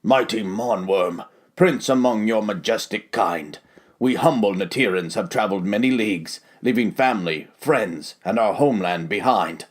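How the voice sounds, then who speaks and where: A man playing an older grandfather leading travelers in a fantasy audio drama, speaking in measured, solemn rhyme. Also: on the low side. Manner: measured, solemn, rhyming speech. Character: old grandfather, wise elder traveler.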